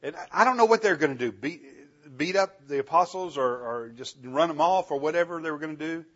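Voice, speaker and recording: A man teaching a Bible class, animated, asking the class questions and chuckling often, on a dull lo-fi recording. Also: a little high, brisk.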